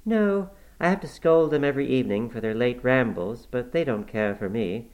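A man voicing a brisk, motherly middle-aged housekeeper who fusses over her guest. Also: medium pitch, expressive, darkish tone, lightly acted, low-quality recording. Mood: bustling. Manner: brisk, fussing, hospitable. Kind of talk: audiobook character voice.

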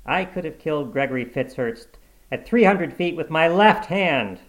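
A daydreaming middle-aged man speaks in calm, even, understated tones as a man reading the story plays him. It stays close to the reader's own plain voice in a storybook reading. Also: a little high, normal speed, pitched above the performer's own voice, lightly acted. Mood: cool.

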